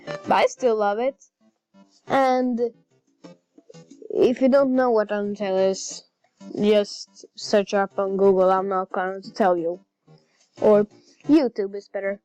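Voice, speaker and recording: A woman chatting casually while playing a video game, excitable and easily flustered. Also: mid-range voice. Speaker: gaming channel host. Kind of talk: casual gameplay commentary. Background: faint game music.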